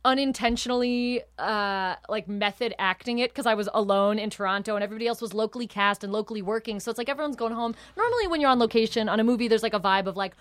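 Female podcast guest, animated storyteller, higher register, dry studio sound. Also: fast, hardly any pauses, no room sound. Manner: chatty, animated storytelling with many fillers. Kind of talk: casual chat.

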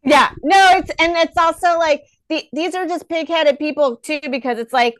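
A woman guest on a podcast, high-pitched and laughing easily as she riffs in casual chat. Her voice is close and dry. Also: normal speed, a bit bright, no echo. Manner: laughs often, agrees and riffs.

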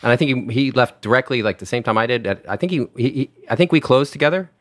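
A man's voice: medium pitch, lively intonation, fast, no room sound, studio quality. A middle-aged man, a former wine director, telling rambling restaurant anecdotes in casual conversation, full of fillers and restarts. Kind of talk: casual podcast storytelling.

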